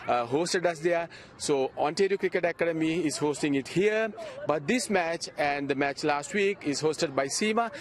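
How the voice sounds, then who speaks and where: A man with a fairly high voice earnestly explains cricket basics to a TV reporter, going over the same points more than once. Loud traffic and street noise fill the background outdoors. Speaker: cricket program organizer. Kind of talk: explaining on live TV. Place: outdoors at a cricket ground in a city.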